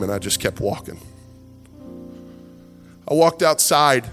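High-voiced pastor preaching in a hall. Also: male voice, sing-song, a little slow, pauses often, fairly bright tone. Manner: storytelling, builds to impassioned preaching. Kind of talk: sermon. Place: church sanctuary with worship music. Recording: reverberant hall with music behind.

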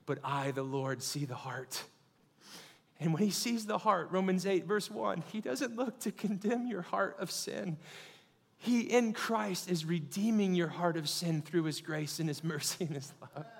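A man's voice: high voice, measured pace, creaky, husky, in a large hall. A man in his thirties preaching a sermon, calling out to the congregation and building to fervent peaks. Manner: call-and-response, rising to fervent shouting.

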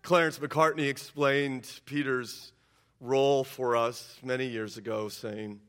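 A man's voice: mid-range voice, fairly even intonation, slow, a bit bright, clean tone. A male pastor preaching a sermon, retelling scripture scenes emphatically and acting out the quotes.

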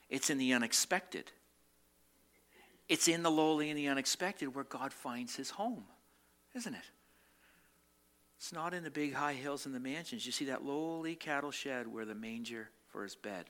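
Bright-voiced man preaching a sermon. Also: mid-range voice. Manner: swings between loud emphatic peaks and quiet, slowed reflective passages; rhetorical questions and repetition. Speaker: pastor.

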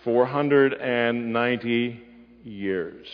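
Speaking extremely slowly in a mid-range voice, a man teaches the Bible from the pulpit, asking listeners questions and then answering them himself. The audio is muffled, recorded in a hall with long reverb.

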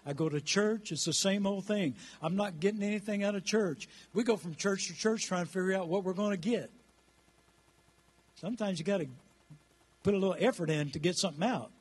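A man in his sixties preaching a rousing sermon in church and calling on the congregation to answer back. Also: high-pitched. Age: 60s. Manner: rousing, calls the congregation to respond. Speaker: pastor.

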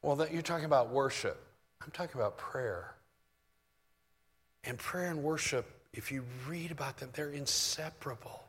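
A man preaching a sermon in a relaxed, conversational way, moving between soft asides and loud bursts. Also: a little high, moderate pace, husky, big-room sound. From United States. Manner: conversational, shifts from soft asides to mock shouting.

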